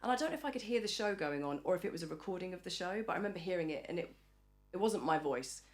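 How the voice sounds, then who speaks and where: This Englishwoman, a guest on a casual podcast interview, speaks very fast in a lowish, animated voice. She's chatty and does the voices of the people she quotes.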